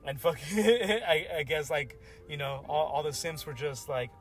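A man's voice: a little high, normal speed, faint music behind. A young man co-hosting a casual podcast chat, slangy and swearing, laughing often. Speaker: podcast co-host.

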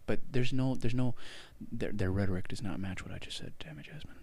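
A young man co-hosting a podcast, ranting in an exaggerated, profane, animated way. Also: mid-range voice, rapid-fire, few pauses. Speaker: podcast co-host. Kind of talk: casual chat, ranting complaint.

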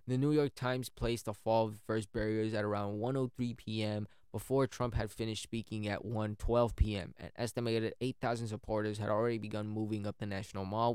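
A man's voice: medium pitch, darkish tone, clean tone, no echo, clean studio sound. A man narrating history in a casual way, often stumbling and correcting himself.

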